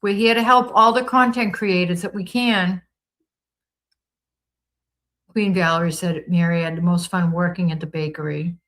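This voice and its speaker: A woman's voice: lowish voice, fairly even intonation, moderate pace, long pauses, fairly bright tone, rough recording. A woman with a Boston accent hosting a livestream, reading viewer comments aloud and answering them in an upbeat, gushing way. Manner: reads viewer comments aloud and responds chattily. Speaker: livestream host reading chat. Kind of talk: casual chat.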